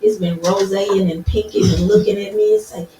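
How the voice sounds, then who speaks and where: A woman's voice: medium pitch, fairly even intonation, brisk. Candid chatty woman, roomy distant sound. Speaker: podcast co-host. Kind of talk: casual chat. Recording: roomy, distant mic with faint noise.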